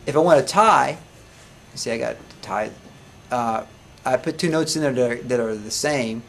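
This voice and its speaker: A man teaching music software to a class, talking casually with many restarts and questions to the students. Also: mid-range voice, moderate pace, creaky, slight background noise. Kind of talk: live classroom software demo.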